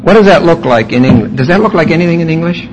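A man's voice: fairly high pitch, lively intonation, fast talker, noisy background. A man teaching a Bible class, walking his students through their notes and stressing key words emphatically.

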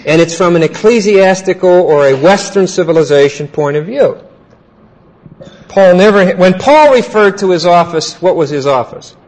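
A man teaching a Bible class, asking his students questions and repeating key points slowly. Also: high-pitched, expressive, a little mellow, rough recording.

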